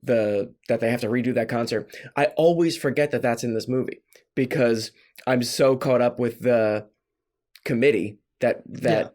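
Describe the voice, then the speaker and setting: A man's voice: mid-range voice, normal speed, a little mellow. A man co-hosting a casual film podcast, talking animatedly and acting out quoted lines. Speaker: podcast co-host.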